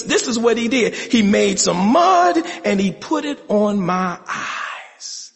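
High, gravelly preacher man in a reverberant hall. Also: animated, slow, hardly any pauses. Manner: builds to shouted, rhythmic preaching with call and response. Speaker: pastor. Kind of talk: sermon.

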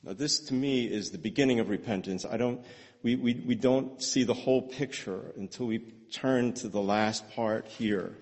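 A male preacher delivers a sermon in an animated, searching way, often tossing back "right?" and repeating phrases for weight. His voice sits at an ordinary male pitch, and it rings out in a big church hall with a long reverb. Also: moderate pace. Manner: animated, with rhetorical questions and repetitions.

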